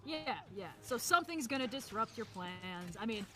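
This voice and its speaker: A woman's voice: on the high side, moderate pace. A woman chatting and joking as co-host over a gameplay stream, laughing often. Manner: lively, laughs often, slips into jokey voices. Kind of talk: casual chat over gameplay.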